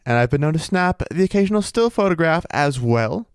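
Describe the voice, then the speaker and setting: Male podcast co-host, smooth resonant voice, deadpan wry humor, dry close mic. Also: on the high side, a little fast, no room sound. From United States. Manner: deadpan, wry, mock-formal. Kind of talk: casual chat.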